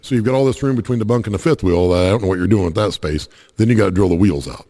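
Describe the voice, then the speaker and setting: A man co-hosting a casual podcast chat, joking in a dry, deadpan way. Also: on the low side, very fast. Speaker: podcast co-host. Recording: long hall reverb.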